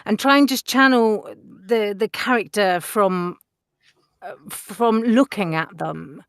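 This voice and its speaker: A woman, a voice actor chatting in an interview, filling pauses with ums and laughing easily. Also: medium pitch, smooth, no room sound, studio quality. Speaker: voice actor guest. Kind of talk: interview conversation.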